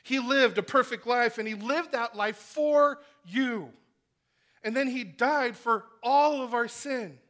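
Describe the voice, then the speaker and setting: A man preaching a sermon in an earnest style, rising to loud emphasis and dropping to hushed, near-whispered lines. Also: extremely high pitch, takes it slowly. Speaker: pastor.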